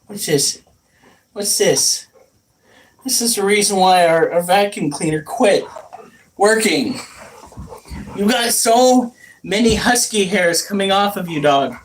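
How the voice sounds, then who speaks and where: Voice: mid-range voice, animated, slow, long pauses. A pet owner talking casually to their dogs at home at night, exasperated and swearing freely at them. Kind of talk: casual talk to dogs while filming. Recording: noisy home recording, dogs around.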